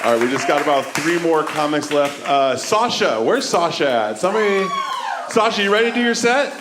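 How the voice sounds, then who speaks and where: A man hosts a comedy night, calling comics to the stage and hyping up the room. His voice is lively and a little high. A loud crowd and heavy noise fill the echoey club around him. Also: brisk. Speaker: open mic host. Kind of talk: emcee introductions.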